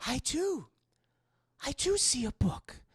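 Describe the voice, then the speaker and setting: A man voicing a gushing, overjoyed pious mother in a shrill, mocking falsetto. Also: very animated, slow, no echo, clean studio sound, exaggerated voice.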